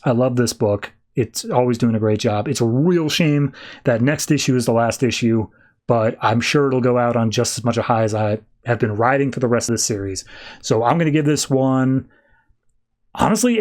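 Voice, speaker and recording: A man hosts a comics podcast and retells the plot of an issue in a loose, chatty way. He jumps into quick quoted lines for the characters as he goes. His pitch sits in a middle range for a man. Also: darkish tone. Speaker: podcast host. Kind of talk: casual comic book recap.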